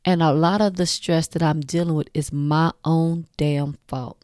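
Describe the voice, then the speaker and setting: A woman's voice: sits low, fairly even intonation, unhurried, darkish tone, dry recording, studio quality. A woman in her forties hosting a show, talking frankly and casually to her listeners, swearing freely and laughing at her own jokes. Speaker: podcast host.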